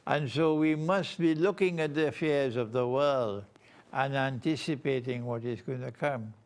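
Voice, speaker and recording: An older man giving an Islamic lecture on world affairs, speaking in slow, deliberate, emphatic phrases. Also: medium pitch, smooth. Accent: Trinidadian. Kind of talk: measured religious lecture.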